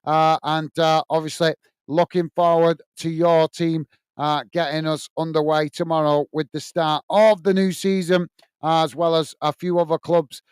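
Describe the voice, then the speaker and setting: A man's voice: a little high, little pitch movement, moderate pace, clear, resonant tone, no room sound. Chatty British man hosting a live stream. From United Kingdom. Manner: chatty, many "uh" fillers, friendly sign-offs to viewers. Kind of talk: casual live chat reading out comments.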